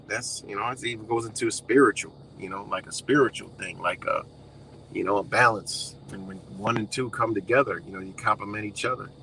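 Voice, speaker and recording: A man's voice: mid-range voice, sharp tone, slight background noise, rough recording. A man with a Western New York accent ranting casually to camera, blunt and profane, rambling with lots of fillers.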